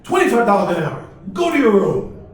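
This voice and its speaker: A man's voice: sits high, very animated, a little fast, far from the mic, voice pushed up. A father who bristles and snaps back sharply, scolding in short clipped bursts, played by a man telling a story. The voice rings through a very echoey hall and is caught by a mic set well away from him. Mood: indignant. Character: angry father snapping at his son.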